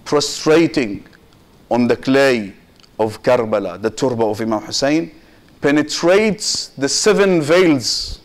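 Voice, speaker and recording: A man's voice: medium pitch, expressive, slow. A man giving a Muharram sermon as a sheikh, with impassioned emphasis that rises and falls and quotations in Arabic. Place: community mosque hall.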